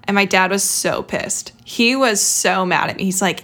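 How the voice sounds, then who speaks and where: A woman's voice: mid-range voice, moderate pace, hardly any pauses, bright, forceful tone. A young adult woman hosting a podcast, talking in a chatty, reflective way with lots of casual fillers. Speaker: podcast host.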